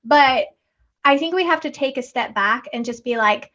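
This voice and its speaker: Her pitch is high, her tone slightly bright, and she speaks at a normal speed. As a podcast co-host in a casual chat, she animatedly re-enacts talks with her kids, captured in dull lo-fi sound.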